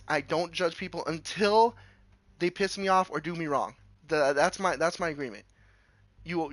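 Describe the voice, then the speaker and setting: A man streamer telling a story casually, animated and laughing, with lots of restarts. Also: fairly high pitch, no room sound.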